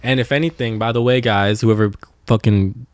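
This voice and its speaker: A man's voice: mid-range voice, steady tone, normal speed, no echo. A young man co-hosting a podcast, telling stories in a loose, profane, casual chat. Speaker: podcast co-host.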